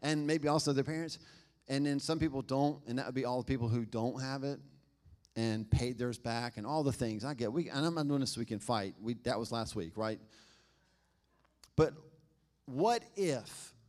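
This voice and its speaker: A man's voice: mid-range voice, normal speed, a little mellow. Male pastor, conversational sermon delivery, engages the room with questions. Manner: conversational, asks the congregation questions.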